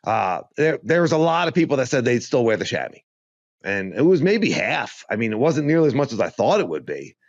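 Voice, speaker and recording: A man's voice: mid-range voice, sing-song, a little fast. A man chats casually on a podcast, rambling from one thought to the next and breaking into laughter at his own jokes. The recording is muffled and lo-fi, with a dead, dry sound and no room echo. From Arizona. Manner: rambling, joking, laughs often. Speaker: podcast co-host. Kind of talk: casual chat.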